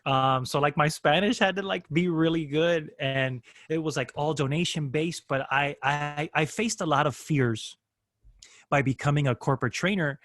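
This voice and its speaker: A man's voice: a little high, normal speed, fairly bright tone. A man improviser telling stories in casual conversation, often slipping into voices and accents as he goes. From Miami area. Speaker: improviser and guest. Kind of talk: casual storytelling.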